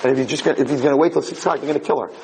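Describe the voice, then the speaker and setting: A man telling a dramatic story in a lecture, animated and acting out the characters' voices. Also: medium pitch, very fast, creaky, noisy background.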